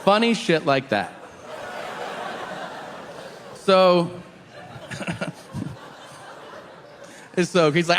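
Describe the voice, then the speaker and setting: A man doing live stand-up storytelling, animated and profane, laughing through his punchlines on a large stage. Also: high voice, slow, pauses often, a crowd in the background, background noise. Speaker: stand-up comedian.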